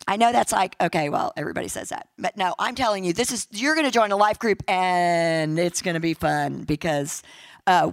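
A woman pastor with a raspy voice, giving a chatty, jokey sermon with church announcements and a closing prayer, repeating her points for emphasis. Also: mid-range voice, no room sound, poor audio.

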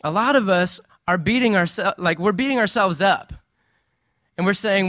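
A man preaching a sermon in a conversational, animated way with playful asides. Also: high voice, moderate pace, no echo, studio quality. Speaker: pastor.

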